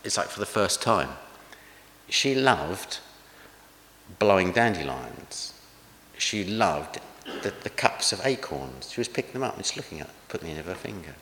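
Deep-voiced older preacher, echoey hall. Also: male voice, sing-song, normal speed, long pauses. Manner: chatty, self-deprecating, gently humorous. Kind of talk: conversational sermon with anecdotes. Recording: echoey hall with long reverb.

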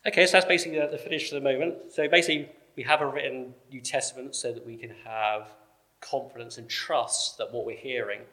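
A man teaches a congregation in a relaxed, conversational way. His voice sits in an ordinary middle pitch, and he explains step by step, pausing with ums and uhs as he goes. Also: vocal fry. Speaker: preacher. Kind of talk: church teaching talk.

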